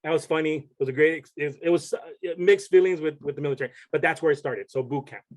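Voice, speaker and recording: A man's voice: on the high side, fast. A young man, a podcast guest, telling a story in casual chat and rambling with many restarts.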